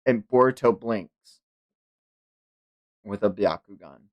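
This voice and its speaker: A man streaming a manga read-along, narrating the action in a casual way with quick informal asides. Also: fairly low pitch, darkish tone.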